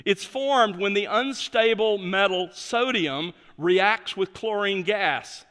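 Male pastor, high-pitched voice, emphatic sermon delivery, reverberant church sanctuary. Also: slow, fairly bright tone. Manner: emphatic preaching, stresses key words.

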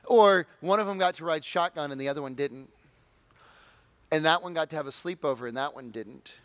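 A man preaches in a lively, conversational way, breaking into jokes and high shouted impressions of eager listeners. His voice sits a bit high for a man. The sound is dry and close, with no room echo. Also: a little fast. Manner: animated, acts out excited congregants in high shouts; conversational, humorous asides. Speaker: pastor. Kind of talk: sermon.

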